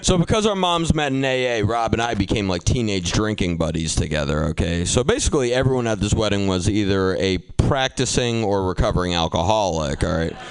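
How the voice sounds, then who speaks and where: A man's voice: lowish voice, animated, fairly quick, few pauses, smooth. A man from doing a stand-up comedy set, telling a story animatedly and laughing at his own jokes. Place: comedy club stage.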